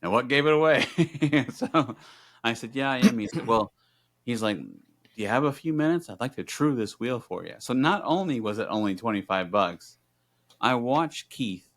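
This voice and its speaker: A man's voice: mid-range voice, expressive, normal speed. A middle-aged man co-hosting a podcast, telling a story in casual chat and acting out both sides of the conversations. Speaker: podcast co-host.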